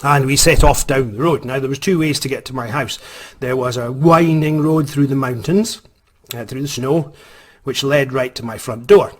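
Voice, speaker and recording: A man's voice: medium pitch, moderate pace. A Scottish man, an author, tells a story in a rambling, self-mocking way, hesitating with many ums. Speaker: author, vlogger. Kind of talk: casual storytelling.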